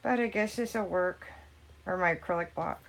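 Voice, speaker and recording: A woman vlogging about paper crafting in casual chat, ranting in an animated way and swearing freely as she works at her craft table. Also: on the low side, normal speed, gravelly, noisy background. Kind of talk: casual chat while stamping cards.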